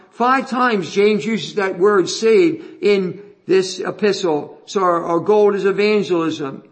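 A man preaching an expository sermon, reading scripture aloud slowly and pressing his points with earnest repetition. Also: high voice.

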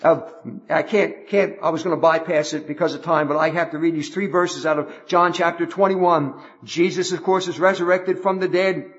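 A man's voice: a little high, fairly even intonation, normal speed. A man preaching a sermon with fervent delivery, repeating phrases for emphasis and restarting as he goes. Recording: dull lo-fi recording.

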